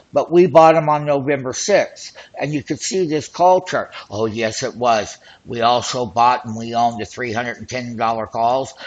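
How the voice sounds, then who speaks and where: A man hosting an options trading show, talking excitedly and boastfully as he walks through call and put charts. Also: medium pitch, highs cut off. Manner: excited, boastful, hype-driven patter. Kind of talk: screen-share trading commentary.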